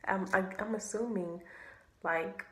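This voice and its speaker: Young woman vlogger, casual storytime, animated and slangy, mid-range voice, roomy echo. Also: medium pitch, a little slow. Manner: animated, slangy, swears freely. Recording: echoey room.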